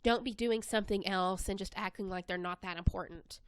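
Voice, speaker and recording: Smooth-voiced woman presenting a webinar. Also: mid-range voice, steady tone, brisk. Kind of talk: scripted instructional narration.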